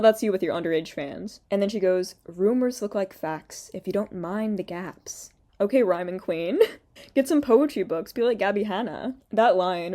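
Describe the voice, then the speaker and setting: A young woman giving casual reaction commentary, sarcastic and blunt, swearing freely and laughing between lines. Her voice sits mid-pitch with a mellow, dark tone. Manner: mocks quoted lines in a put-on voice. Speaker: commentary YouTuber.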